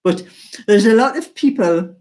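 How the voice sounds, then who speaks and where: An older woman with a mild Geordie accent, chatting slowly and casually to her viewers as host of a knitting channel, laughing often. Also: mid-range voice, lively intonation, a little mellow. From North East England.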